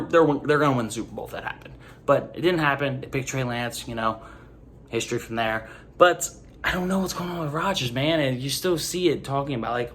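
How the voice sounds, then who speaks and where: A young man giving a casual, rambling sports opinion monologue as host, leaning hard on "like" and getting animated. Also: mid-range voice, a little hiss or hum. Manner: rambling, animated, heavy use of "like".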